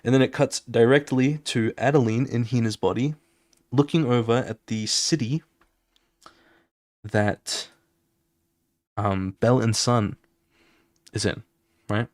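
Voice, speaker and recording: A man's voice: mid-range voice, fairly even intonation, slow, pauses often, a little mellow, no echo, studio quality. A young man streaming while he draws, retelling a comic in a casual, slangy way and adding spoken sound effects. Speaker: artist streamer. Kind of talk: casual storytelling while drawing.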